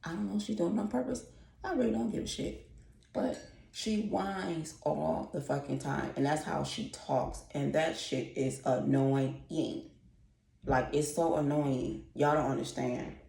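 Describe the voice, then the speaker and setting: A woman rants in a casual home vlog, exasperated and profane, rambling from one gripe to the next. Her voice sits low with a gravelly fry. The room around her is noticeably echoey. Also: a little slow, mellow. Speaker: vlogger. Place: apartment at home.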